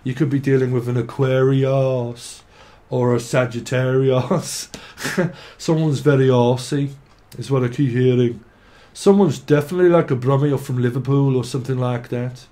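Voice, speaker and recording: In a mid-range voice with a dark tone and normal speed, a tarot reader delivers a loose psychic monologue. He rambles and swears, every so often slipping into a sing-song chant.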